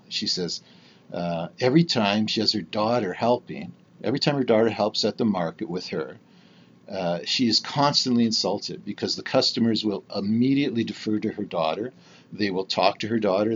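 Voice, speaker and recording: A man's voice: on the low side, moderate pace, muffled recording, a little hiss or hum. A man about to turn sixty from Canada, hosting his own podcast in a candid, rambling monologue full of fillers and restarts. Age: 50s. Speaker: podcast host. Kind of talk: casual solo podcast monologue.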